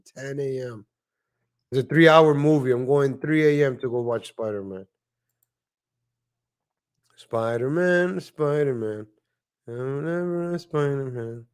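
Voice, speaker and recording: A man hosting a casual livestream, chatting and joking in rambling asides. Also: medium pitch. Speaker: livestream host. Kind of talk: casual live-stream commentary.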